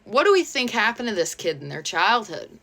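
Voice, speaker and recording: A woman's voice: medium pitch, sing-song, a little fast, pushed and bright. A woman reading online posts aloud and commenting on them in a blunt, sarcastic, casual way.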